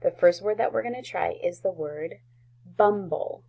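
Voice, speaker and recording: A woman teaching a recorded phonics lesson to first graders, sounding out words slowly and clearly with gentle encouragement. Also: lowish voice.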